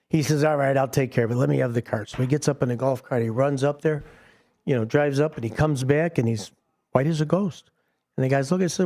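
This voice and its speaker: A man's voice: mid-range voice, brisk, mellow. A man co-hosting a morning radio show, chatty and teasing, telling a joke and laughing at it himself. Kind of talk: casual on-air banter and joke telling. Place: radio studio. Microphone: studio microphone.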